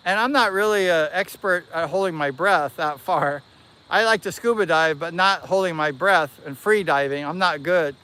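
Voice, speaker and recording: A man hosting a livestream, casually telling a long personal story in an animated, rambling way and correcting himself as he goes. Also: high voice, moderate pace, smooth. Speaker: livestream host.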